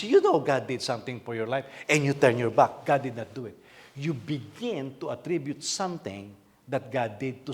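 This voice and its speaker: A man pastor from the Philippines preaching a sermon, animated, with many repetitions and rhetorical questions. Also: mid-range voice.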